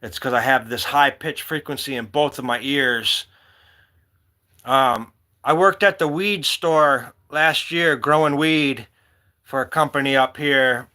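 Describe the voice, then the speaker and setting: A man's voice: mid-range voice, measured pace, pushed and bright. A man hosting a casual livestream, rambling from one story to the next and talking to his viewers by name. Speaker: livestream host. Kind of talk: casual live-stream chat.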